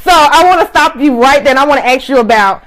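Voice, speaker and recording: A woman's voice: sits high, animated, fast talker, a bit bright, rough recording. A woman hosting a faith-based live interview, speaking eagerly to her viewers. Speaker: host.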